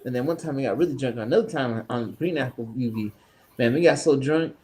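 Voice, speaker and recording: A man's voice: mid-range voice, a little fast. Profane storytelling man on a podcast. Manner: profane, animated anecdotes with acted-out quotes. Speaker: podcast co-host. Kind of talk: casual storytelling chat.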